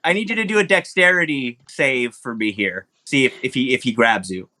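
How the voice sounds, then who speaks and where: A man narrating as game master, animated, with sound effects and lots of fillers. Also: mid-range voice, fairly quick.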